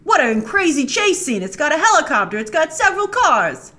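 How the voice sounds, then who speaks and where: A woman hosts a film trailer breakdown in an easygoing, chatty way. Her voice sits a little higher than most, and she keeps it playful and animated, thinking aloud and tossing in asides as she goes. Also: fairly quick. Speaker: film trailer reviewer and show host. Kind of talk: casual chatty commentary over a trailer.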